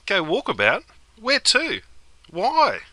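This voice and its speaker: A young Australian-accented man with a mid-range voice talks briskly in a bright, forceful tone on a dry, low-quality recording. In a comedy sketch he plays Bruce, a laid-back Aussie mate, trading broad banter loaded with slang.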